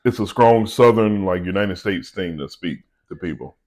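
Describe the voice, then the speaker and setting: Earnest low-voiced man giving devotional talk. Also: normal speed, a little mellow. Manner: earnest, conversational, encouraging. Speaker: vlogger and small business owner.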